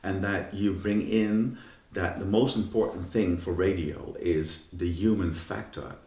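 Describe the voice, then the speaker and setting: A man talking casually as a guest about radio, halting, with many fillers and restarts. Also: low-pitched, darkish tone. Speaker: radio music director, guest. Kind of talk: casual conversation. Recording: echoey room, from a distance.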